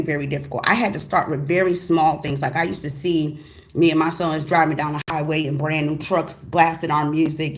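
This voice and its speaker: A woman giving a casual, motivational tarot reading as host of her channel, talking emphatically with slang, repeated phrases and excited exclamations. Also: sits low. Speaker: tarot reader.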